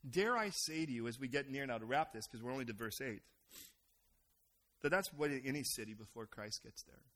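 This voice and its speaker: A middle-aged American man preaching a sermon as pastor, animated and acting out other people's voices. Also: medium pitch, a little fast. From United States.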